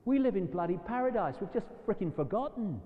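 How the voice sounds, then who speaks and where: Man, rambling fervent lecture, slightly high voice, muffled old recording. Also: big pitch swings, brisk. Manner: impassioned, rambling, preachy. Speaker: public speaker. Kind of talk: live lecture to an audience. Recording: dull lo-fi recording in a long-reverb hall.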